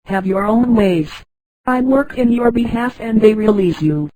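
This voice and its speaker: Cool businesslike older guy, tts woman reading, mellow, dry. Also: mid-range voice, unhurried, no room sound, natural voice, low-quality recording. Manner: flat synthetic delivery.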